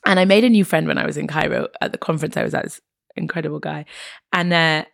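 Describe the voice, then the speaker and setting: A woman's voice: sits low, fast talker, vocal fry, no room sound, studio quality. A British woman talking as a podcast guest, emphatic and passionate, now and then swearing for emphasis. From Britain. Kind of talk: conversational interview.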